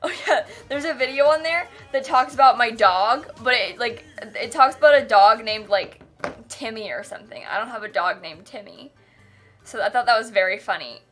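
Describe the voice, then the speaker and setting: A fairly high-pitched woman chats on a livestream, giggly and rambling, breaking into laughter often. Soft music plays faintly behind her. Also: normal speed. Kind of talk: casual livestream chat.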